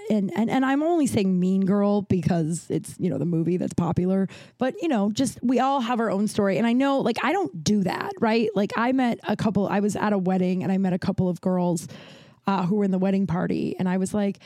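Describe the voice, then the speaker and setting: A woman's voice: brisk, warm tone, dry recording. A woman hosting a podcast, telling a story in a casual, candid way, swearing freely and acting out what others said. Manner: candid, swears freely, acts out quoted dialogue with big pitch jumps. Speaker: podcast host.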